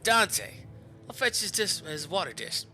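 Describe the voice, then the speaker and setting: A man voicing a sly, polite Turkish shopkeeper who talks in a formal, smooth, mock-courteous way. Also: sits high, very animated, measured pace, pushed and bright, faint music behind, pitched above the performer's own voice, full character voice, rough recording.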